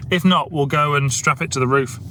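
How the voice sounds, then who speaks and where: A man's voice: on the high side, a little fast, sharp tone, a little hiss or hum. A man chatting casually and joking. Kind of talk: casual chat.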